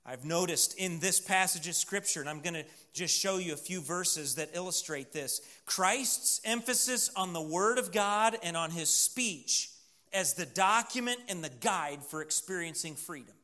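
A man preaching a sermon, emphatic, pausing for the congregation to fill in words. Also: high-pitched, animated, bright, forceful tone. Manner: emphatic preaching with call-and-response pauses. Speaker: pastor.

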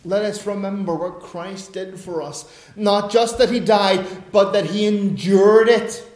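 A high-voiced man preaches slowly, leaning on repeated phrases and dropping into quiet asides. His sermon rings through a roomy, echoing church hall. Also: fairly even intonation. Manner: emphatic, rhetorical repetition, drops to soft low asides.

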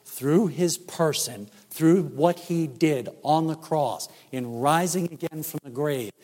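A man preaching a sermon as pastor, emphatic and measured, with rhetorical questions. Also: fairly high pitch, darkish tone. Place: church sanctuary. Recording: church hall reverb.

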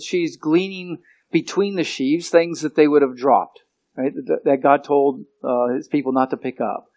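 Man, sermon, fairly high voice, halting, repeats words. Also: darkish tone. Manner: halting, repeats words, slows to stress phrases. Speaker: preacher. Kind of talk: expository sermon.

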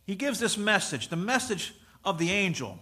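A middle-aged man preaching a sermon, telling stories and swinging between loud emphasis and soft asides. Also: high voice, sing-song, moderate pace. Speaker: pastor.

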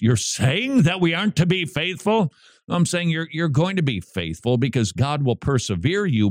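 A man hosting a Christian radio show, preaching emphatically with rhetorical questions and near shouts. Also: on the high side, big pitch swings, normal speed, no room sound, clean studio sound.

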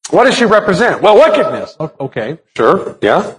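A man's voice: high-pitched, very animated, normal speed. A man preaching a sermon as a pastor, explaining a text step by step and asking rhetorical questions. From United States.

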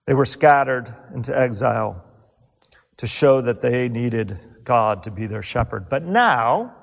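A man preaching a sermon with earnest rhetorical questions, letting key words fall quiet. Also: mid-range voice, vocal fry, big-room sound.

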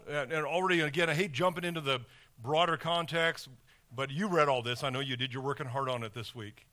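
A man's voice: medium pitch, bright, forceful tone. A man preaching a sermon as pastor in a conversational way, with rhetorical questions and sports analogies.

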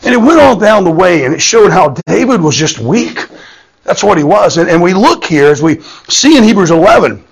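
A man's voice: high voice, very animated, moderate pace, vocal fry, slightly rough, low-quality recording. A man, preaching a sermon in a folksy storytelling manner, often repeating words and checking in with "okay?". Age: 50s.

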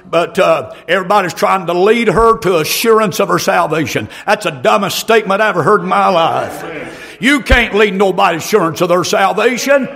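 A middle-aged man preaching a fiery revival sermon, breaking into shouted outbursts between folksy stories. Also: sits high, moderate pace, creaky.

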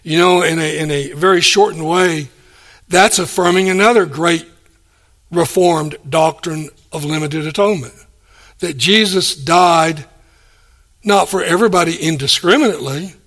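A man preaching a sermon, animated, acting out the people he quotes and chuckling between points. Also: on the high side, moderate pace. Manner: animated, acts out quoted speakers.

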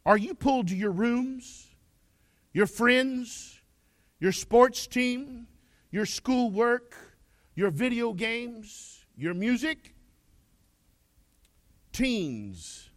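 A man's voice: high-pitched, no room sound. A man preaching a sermon, reading scripture aloud and then pressing his listeners with pointed questions. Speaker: pastor.

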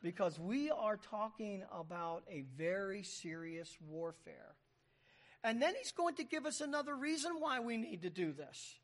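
A man's voice: high-pitched, expressive, unhurried, fairly bright tone. A man preaching a sermon, explaining Greek words as he reads and stressing key words. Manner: emphatic, explains Greek word by word. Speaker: pastor.

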